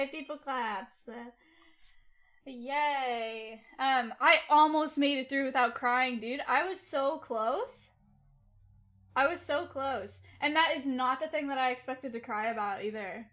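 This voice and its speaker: A young woman with a high, bright voice chats on a livestream, slangy and quick to thank her viewers one after another. Her talk is casual and loose. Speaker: streamer.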